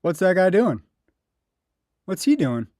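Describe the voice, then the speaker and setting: A man's voice: high-pitched, very animated, measured pace, noisy background. A man giving sarcastic, indignant commentary over police bodycam footage. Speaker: video commentator.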